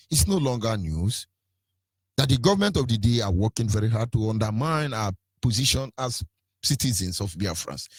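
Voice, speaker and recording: A man's voice: medium pitch, no echo. A man with a Nigerian accent giving an impassioned political monologue as a radio commentator, fiery and rhetorical, pressing the same questions again and again with biting sarcasm. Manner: sarcastic, mocking.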